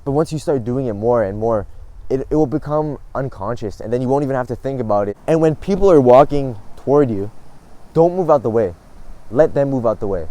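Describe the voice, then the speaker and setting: A man's voice: mid-range voice, warm tone. A young man giving casual self-improvement advice, blunt and swearing often, laughing at himself now and then.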